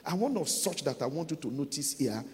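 A man preaching a sermon, building from calm teaching to loud, emphatic declarations. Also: a little high, a little fast, long reverb tail.

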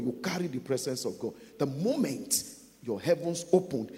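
A man preaching a sermon, building from calm teaching to loud, emphatic declarations. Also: mid-range voice, long reverb tail.

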